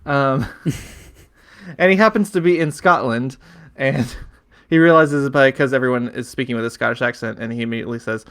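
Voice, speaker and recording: A man's voice: medium pitch, normal speed, fairly bright tone. A man co-hosting a casual podcast, recapping a TV episode with many fillers and small laughs. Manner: rambling, filler-heavy, chuckling recaps. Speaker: podcast co-host.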